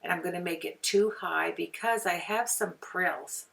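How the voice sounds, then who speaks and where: A woman's voice: fairly low pitch, normal speed, gravelly, fairly bright tone, distant mic. A woman from Canada hosting a card-making tutorial, chatting as she works and often wandering off on tangents. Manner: chatty, rambling, goes off on tangents. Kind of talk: casual craft demonstration. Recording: voice from away from the mic.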